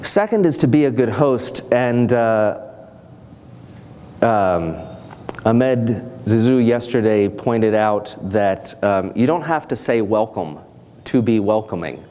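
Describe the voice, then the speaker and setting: A man giving a conference talk in a thoughtful, measured way, now and then acting out bits of dialogue. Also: fairly low pitch, lively intonation, mellow. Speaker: conference speaker. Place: conference hall stage.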